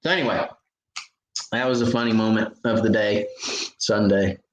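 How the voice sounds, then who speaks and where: A man's voice: fairly low pitch, steady tone, normal speed, echoey room, slight background noise, rough recording. A man hosting a fishing show, telling stories and answering viewer questions in a casual live chat, laughing at his own stories. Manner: chatty storyteller, laughs at own stories, many restarts.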